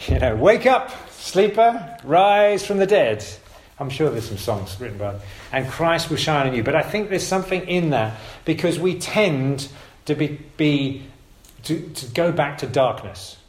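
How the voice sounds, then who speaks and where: Guy preaching casually in an echoey church room, chatty and emphatic, fixes his own words a lot. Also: mid-range voice. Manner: conversational, self-correcting, emphatic. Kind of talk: informal sermon. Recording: roomy echo.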